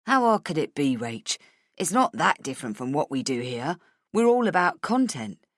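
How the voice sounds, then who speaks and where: A woman narrator voicing a brash, bubbly young female coworker who talks loudly and pushily. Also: low voice, big pitch swings, normal speed, dry recording, studio quality. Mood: gushing, pushy. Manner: loud, gushing, pushy.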